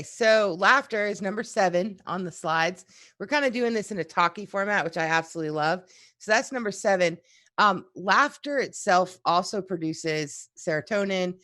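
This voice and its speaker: A woman's voice: on the low side, dry recording, clean studio sound. A woman, a psychology instructor chatting casually and acting out little stories as she tells them. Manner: animated storyteller, acts out quotes. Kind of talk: casual chat.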